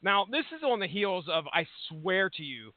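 A man's voice: high-pitched, very animated, moderate pace, no echo. A man in his thirties chatting casually as a co-host, rambling and swearing freely. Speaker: podcast co-host. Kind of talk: casual profane chat. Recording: tinny phone-like line, dry.

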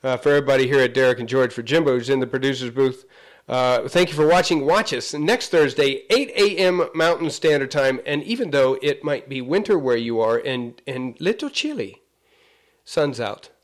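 A man's voice: medium pitch, expressive, moderate pace. A man co-hosting a casual sports chat show in a studio, rambling and laughing, often trailing off mid-sentence. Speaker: co-host. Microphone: studio mic.

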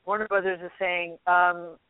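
A woman guest telling a story in a lively way, laughing often and acting out what people said. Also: on the low side, moderate pace, no room sound. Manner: animated, laughs often, acts out quotes. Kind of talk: casual storytelling. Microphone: telephone. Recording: tinny dry phone line.

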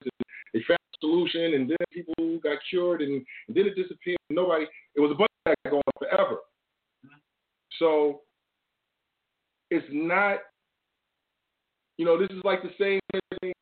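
A man hosting his own show, ranting casually in loose slang with lots of swearing. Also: on the high side. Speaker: show host. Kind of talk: casual rant to camera. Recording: tinny phone-like audio.

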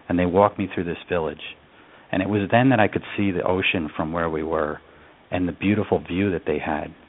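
A man's voice: sits low, slight background noise. A man from upstate New York, a radio interview guest, telling a story in an earnest, reflective way. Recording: phone-line audio.

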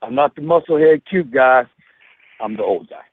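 A man's voice: medium pitch, normal speed. A middle-aged man from Florida with a Southern twang, chatting as a guest in a loose, rambling way full of fillers. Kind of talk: casual chat. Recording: dry, phone-like call-in line.

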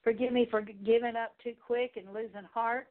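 A woman leading a spoken prayer of confession, pleading in halting, repetitive phrases with pauses. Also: fairly high pitch, fairly even intonation. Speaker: prayer leader. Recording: tinny phone-like sound.

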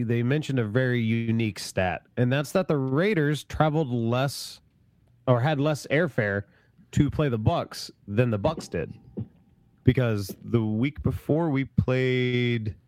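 A man's voice: medium pitch, unhurried, a little mellow, dry recording. A man co-hosting a casual sports podcast, explaining things at length and teasing his friends. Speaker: podcast co-host.

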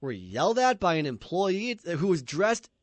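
A man hosting a casual sports radio talk show, brisk and joking with his guest. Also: high-pitched, sing-song, dry recording. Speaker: radio host.

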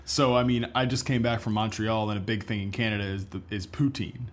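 A man's voice: fairly low pitch, little pitch movement, brisk. A man co-hosting a podcast in casual chat, telling loose, rambling stories full of fillers. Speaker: podcast co-host.

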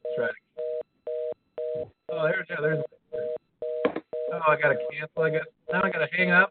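A man's voice: fairly high pitch, steady tone, normal speed, long pauses, very noisy. A man co-hosting a podcast, telling a rambling story in a casual chat, swearing constantly and laughing at his own jokes. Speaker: podcast co-host. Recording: phone-like lo-fi audio.

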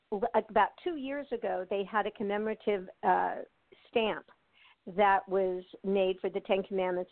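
A woman's voice: medium pitch, no room sound. Older american lady chatting away on a tinny phone line, lots of laughs and uhs, dry sound. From United States. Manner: chatty, laughs often, many fillers and restarts. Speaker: actress, interview guest. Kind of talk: casual interview chat.

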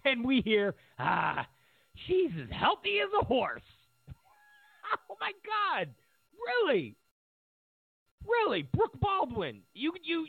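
A man delivering an animated, sarcastic political monologue as a commentator. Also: extremely high pitch, dry recording, narrow, tinny audio.

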